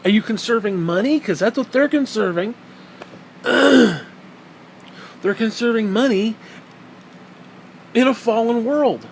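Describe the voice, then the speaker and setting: A man's voice: extremely high pitch, expressive, slow, creaky, long pauses, a little hiss or hum, poor audio. A man giving a heated, profane commentary rant on video, blunt and repeating his points for emphasis. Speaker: vlogger.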